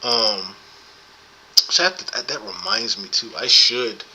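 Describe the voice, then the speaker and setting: A man's voice: mid-range voice, sing-song, unhurried, creaky, sharp tone, a little hiss or hum, poor audio. A man hosting a podcast, chatting casually and rambling with many fillers as he thinks aloud. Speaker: podcast host. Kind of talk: casual commentary chat.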